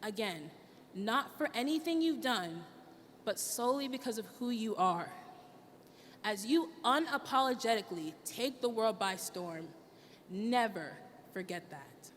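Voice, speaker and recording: A young woman gives a commencement speech in an earnest, heartfelt way. Her voice sits a little high. It rings through a large hall with long reverb and faint background noise. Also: lively intonation, measured pace. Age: young adult. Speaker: student speaker.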